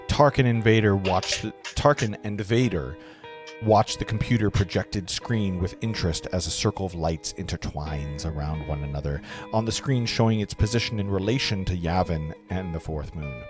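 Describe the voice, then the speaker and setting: A man hosting a table read, reading stage directions casually with stumbles and asides. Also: deep voice. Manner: casual, stumbling and joking between lines. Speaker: host and narrator.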